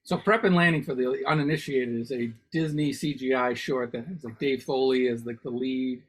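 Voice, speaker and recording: A middle-aged man co-hosting a podcast, jokey and animated, getting loud when he tells stories. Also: mid-range voice, normal speed, a little hiss or hum, poor audio. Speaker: podcast co-host. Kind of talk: casual chat.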